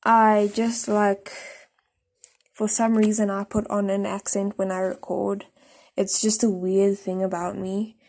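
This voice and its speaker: A woman from South Africa talking through a drawing tutorial on her phone, soft-spoken and a little hesitant, with chatty asides. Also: mid-range voice, little pitch movement, unhurried. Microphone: phone camera.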